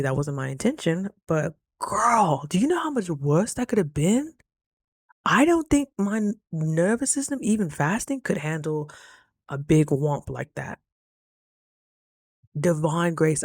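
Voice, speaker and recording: A woman's voice: lowish voice, darkish tone, no room sound, studio quality. A woman telling a story to her viewers in a casual, chatty vlog and calling them "girl.". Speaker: vlogger.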